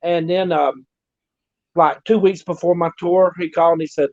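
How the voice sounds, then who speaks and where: Guy telling wrestling stories, cusses a lot, bit high voice, muffled dry sound. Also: fairly even intonation, moderate pace, darkish tone, dry recording. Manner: profane, acts out quoted dialogue. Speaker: guest, former pro wrestler. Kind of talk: casual storytelling.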